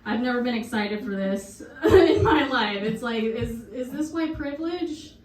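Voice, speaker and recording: A young woman performing a deadpan stand-up set, laughing at her own jokes. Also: fairly high pitch, a little slow. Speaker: stand-up comic. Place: basement comedy show. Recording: echoey basement, far from mic, crowd. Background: audience laughter.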